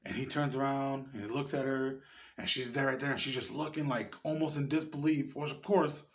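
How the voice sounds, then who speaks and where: A man reviewing a horror movie in a casual, rambling way, swearing often and getting excited. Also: medium pitch, brisk. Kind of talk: casual chat.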